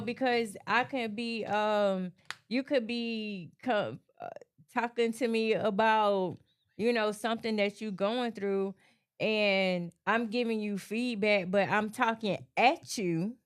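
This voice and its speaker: A woman on a talk panel, speaking haltingly and repeating herself as she thinks it through. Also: on the high side, clean tone. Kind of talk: casual chat.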